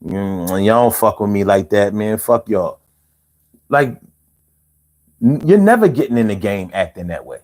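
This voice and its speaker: A man's voice: on the low side, expressive, unhurried, pauses often, a little mellow. A man hosting a live stream, ranting casually and with lots of swearing while he talks straight to the viewers in chat. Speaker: livestream host.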